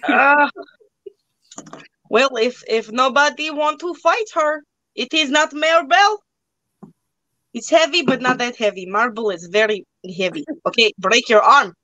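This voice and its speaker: A playful young woman runs a live sale, joking along in a put-on broken-English accent. Her voice sits high and she takes her time. The sound is close and dry, with no room around it. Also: measured pace, long pauses, sharp tone, no echo, rough recording. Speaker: host of a live online auction.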